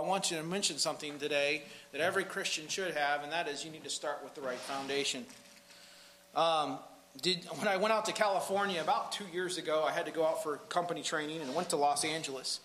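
A man's voice: fairly high pitch, a bit bright, roomy sound, low-quality recording. A man preaching a sermon as pastor of a church, with an emphatic delivery that rises and falls.

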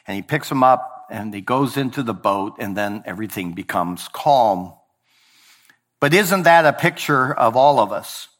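Earnest guy preaching in church, slightly higher voice, goes quiet then punchy. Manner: earnest, wide swings from quiet to emphatic. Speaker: pastor. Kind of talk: sermon.

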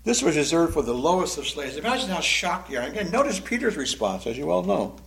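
A man teaching a Sunday school sermon, animated, acting out the quoted voices in the story. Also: on the high side, fast talker, gravelly.

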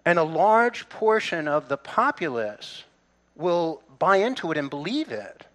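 A man's voice: a little high, big pitch swings, measured pace, fairly bright tone. A middle-aged man preaching a sermon in a church, conversational, with restarts and asides to the congregation. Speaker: pastor.

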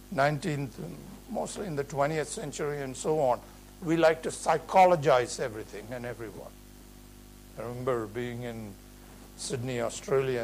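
A man preaching an earnest, emphatic expository sermon in a measured way. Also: fairly high pitch, a little hiss or hum, poor audio.

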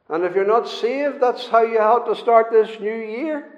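A man preaching a sermon, earnest and repetitive, rising into pleading and dropping low for hymn lines. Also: moderate pace, few pauses. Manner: earnest, repeats phrases, swings from loud pleading to low near-sung hymn lines. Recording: echoey hall reverb.

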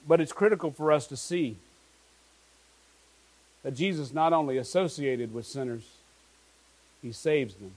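A man's voice: on the high side, measured pace, pauses often, a little mellow, rough recording. A pastor preaching an earnest sermon to his congregation, asking his listeners many questions.

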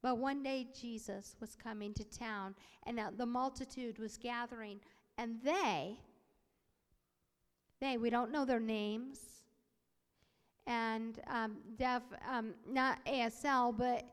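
A woman voicing a sermon as interpreter, telling a story with animated acted-out voices. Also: a little high, takes it slowly, clear, resonant tone. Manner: animated, acts out quoted voices. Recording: long hall reverb.

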